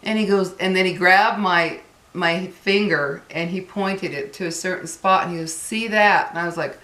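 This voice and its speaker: A woman with a fairly low voice tells her viewers a personal story in an earnest, casual way, calling them "guys". Her voice rings with a noticeable room echo. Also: steady tone, moderate pace, a bit bright. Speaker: vlogger. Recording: echoey room.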